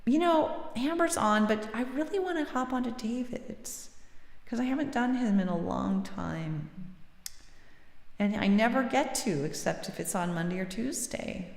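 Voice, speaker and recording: A woman's voice: fairly high pitch, lively intonation, a little slow, gravelly, roomy sound, long reverb tail. A woman hosting a music livestream, chatting casually with viewers in a self-deprecating way and laughing easily.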